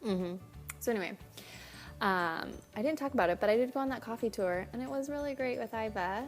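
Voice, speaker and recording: With soft music in the background, a young woman with a fairly high voice recounts a meandering travel tale straight to camera. She's chatty and laughs a lot, slipping in quick asides that quote other people.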